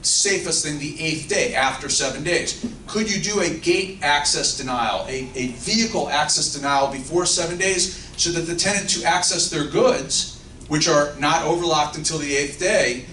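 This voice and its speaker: A man's voice: fairly high pitch, normal speed, sharp tone. Chatty man in an echoey room. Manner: joking, self-deprecating, chatty with the audience. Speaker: legal counsel speaking at a luncheon. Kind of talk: live talk with audience questions. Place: luncheon function room. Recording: roomy, distant mic, background noise.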